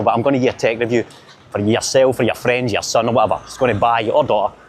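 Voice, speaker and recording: A Glaswegian man talks to camera as he strolls busy city streets, cracking jokes and rambling from one thing to the next. His voice sits at a middling pitch. Faint street ambience hums behind him. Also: a little hiss or hum. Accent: Glaswegian Scottish. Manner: chatty, joking, rambling banter. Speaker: vlogger filming a city walk. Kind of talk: casual walking vlog to camera.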